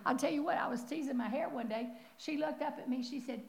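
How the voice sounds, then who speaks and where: An older woman preaching a sermon, telling stories with lively acted-out quotes. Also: high voice, fast, vocal fry. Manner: animated storytelling with acted-out quotes.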